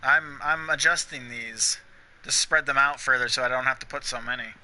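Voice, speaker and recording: A man's voice: medium pitch, moderate pace, pushed and bright. A young man chatting casually while gaming, blunt and opinionated, swearing freely and often laughing. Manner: frequent bursts of laughter. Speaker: gaming streamer.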